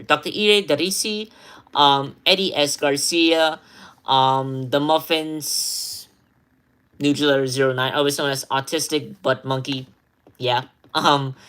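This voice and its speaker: A woman reading a long list of follower names for a shoutout, halting with many ums and apologizing when she stumbles over names, then chatting casually to her followers. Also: deep voice. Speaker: social media creator.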